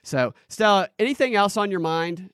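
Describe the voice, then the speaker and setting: A man's voice: high-pitched, animated, normal speed, fairly bright tone, clear, resonant tone, no room sound, studio quality. A man from the United States hosting a podcast, chatting casually in a rambling, joking way with many restarts. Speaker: podcast host. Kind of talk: casual chat.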